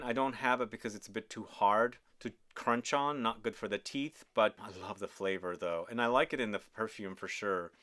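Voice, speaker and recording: A man's voice: medium pitch, bright, forceful tone. A man hosting a casual perfume review, talking with enthusiasm and often asking viewers questions. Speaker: fragrance reviewer.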